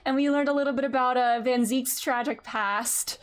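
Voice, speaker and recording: A young woman streaming a game, chatting casually with her viewers in an excitable way, with lots of gasps and fillers. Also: high-pitched, normal speed, background noise. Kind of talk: casual live-stream chat.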